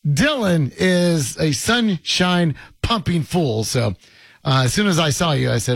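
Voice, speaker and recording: A man's voice: high-pitched, big pitch swings, unhurried, vocal fry, fairly bright tone, dry recording. A man hosting a sports radio show, teasing his guest with sarcastic, grumbling banter in a studio.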